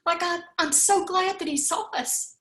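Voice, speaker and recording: A woman's voice: extremely high pitch, unhurried, pushed and bright, reverberant. A woman giving a heartfelt, tearful farewell speech as host of an online talk, repeating her words and saying y'all.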